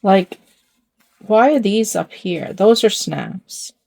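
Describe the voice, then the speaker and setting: A woman's voice: medium pitch, expressive, slow pace, creaky, mellow. An older woman chatting casually while she fiddles with a doll's clothes. Her talk rambles and circles back on itself, and she often chuckles and teases herself. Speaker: doll channel host. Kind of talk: casual chat while dressing a doll.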